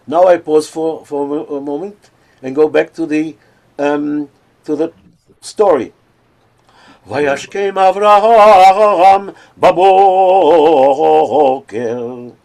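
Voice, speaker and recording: A man delivering a lecture at an unhurried pace, his voice sitting a little high for a man. He talks through each point and then breaks into slow, drawn-out chanting of scripture verses to show how they are sung. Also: steady tone, dark tone. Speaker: lecturer on cantillation. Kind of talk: conference lecture with chanted examples.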